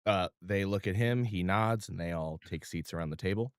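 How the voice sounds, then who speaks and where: A man's voice: low-pitched, moderate pace, smooth, no room sound, clean studio sound. A man narrating as game master in a loose, descriptive way, with fillers.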